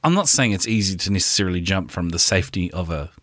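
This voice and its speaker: A man's voice: sits low, expressive, fast, a bit bright, no echo, clean studio sound. A man co-hosting a podcast, casual and wry, with blunt joking asides. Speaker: podcast co-host.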